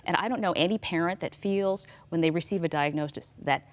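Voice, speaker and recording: A woman's voice: on the low side, brisk. A middle-aged woman, a guest author, recounting her experience with earnest, reflective storytelling in a faith talk show interview.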